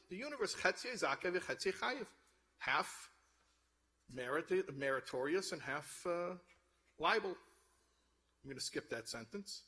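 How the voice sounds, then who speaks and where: A man's voice: sits high, expressive, unhurried, pushed and bright. A man giving a sermon, telling a story and then urging his listeners on with rising fervor. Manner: storytelling, rising to fervent exhortation. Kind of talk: sermon with told joke.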